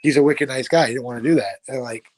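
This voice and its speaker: Animated young man telling wild stories. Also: mid-range voice, fast talker, no echo. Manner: animated, swearing, acts out quoted voices. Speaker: guest fighter. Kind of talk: casual storytelling.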